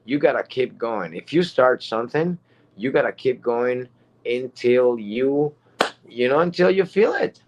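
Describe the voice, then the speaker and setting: A man's voice: mid-range voice, animated, unhurried, highs cut off. A man giving a rambling, emphatic motivational talk as a guest speaker, repeating himself often.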